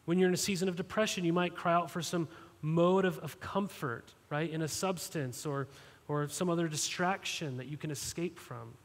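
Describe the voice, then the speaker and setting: A man preaching a sermon, his fairly high voice carrying through a long hall reverb. He speaks plainly and directly to the congregation, asking questions and tagging lines with "right?". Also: moderate pace. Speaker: pastor. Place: church sanctuary.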